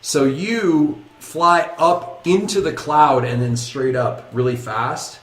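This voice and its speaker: A man running a tabletop game as game master, narrating action in a lively, rambling way that keeps correcting itself. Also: fairly high pitch, slow pace, reverberant.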